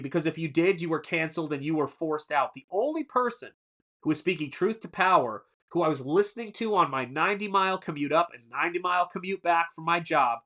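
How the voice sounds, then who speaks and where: Bright-voiced man in his forties rambling. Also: a little high. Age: 40s. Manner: rambling storyteller who answers chat mid-story. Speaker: artist hosting a live stream. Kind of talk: casual live-stream chat.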